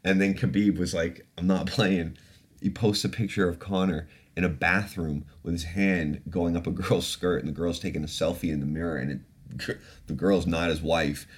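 Low-voiced laughing man, podcast host. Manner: laughs often, loose and chatty; swears casually. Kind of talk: casual podcast chat.

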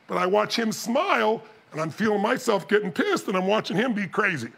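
A man giving a motivational seminar talk, telling stories with animated energy and bursts of shouting. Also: high voice, fairly quick, vocal fry, few pauses, husky. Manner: animated storytelling, shouting and mimicking others. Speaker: motivational speaker.

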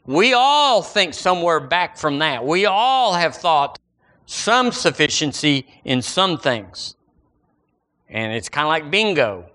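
A man preaching a sermon in a folksy, animated way, full of everyday analogies. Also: fairly high pitch, takes it slowly.

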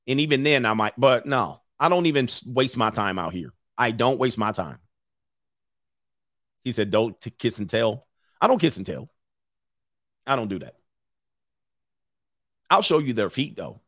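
A man runs a casual livestream, talking brashly and mockingly and laughing between his points. His pitch rises and falls in wide swings. The sound is dry, with no room echo. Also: fairly bright tone. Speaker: podcast host.

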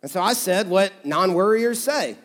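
A man with a high voice preaches to his congregation in a loose, joking, conversational way, slipping into voices for the people he quotes. His words ring out with a long echo through a large church hall. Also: fairly quick. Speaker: pastor. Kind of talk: sermon. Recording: reverberant sanctuary sound.

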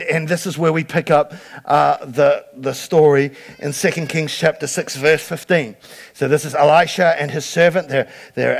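A man preaching a sermon as a pastor, retelling a story with animated voices and frequent stammered restarts. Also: high-pitched, gravelly.

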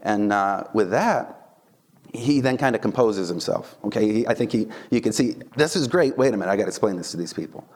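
A man with a low voice preaches in a relaxed, conversational way, like a teacher talking to his class. He is animated and keeps checking in with his listeners. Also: brisk. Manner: conversational, animated, asks "right?" and "okay?" often. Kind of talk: casual sermon.

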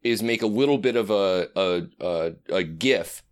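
A man's voice: lowish voice, unhurried, clean tone. Give me a chatty, profane man in his thirties co-hosting a podcast. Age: 30s. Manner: profane, rambling, drops into put-on announcer voice. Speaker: podcast co-host. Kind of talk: casual chat.

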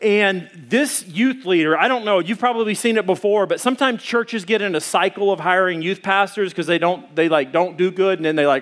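A middle-aged man preaching a sermon, telling a personal story in an animated, conversational way with frequent restarts. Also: high voice, a little fast, few pauses. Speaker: pastor.

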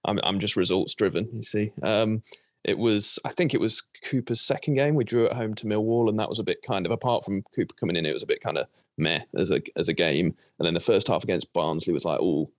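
Deep-voiced dry-humoured man. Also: quick pace, no echo. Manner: dry, wry, results-focused. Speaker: podcast guest. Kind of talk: casual football podcast chat.

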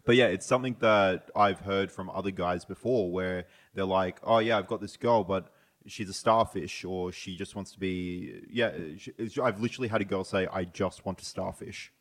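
Hesitant deep-voiced man guest. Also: fairly even intonation, normal speed. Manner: hesitant, full of fillers and restarts. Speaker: podcast guest. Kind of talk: casual chat.

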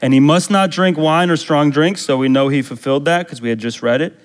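Brief: male pastor preaching, lively and chatty, reads scripture aloud and asks the congregation questions. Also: fairly high pitch, a little fast. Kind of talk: sermon.

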